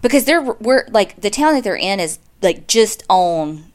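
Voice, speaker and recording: This female podcast co-host speaks expressively and unhurriedly at a medium pitch. In a relaxed way, she retells a true-crime case, quoting dialogue and dropping in asides.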